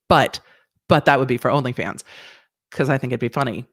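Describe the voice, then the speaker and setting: A woman, a former prosecutor, chatting casually on a livestream about legal news, blunt and quick to laugh, swearing now and then. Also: a bass voice, no echo, studio quality. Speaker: legal commentator hosting a livestream; former district attorney. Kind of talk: casual livestream chat answering viewer questions.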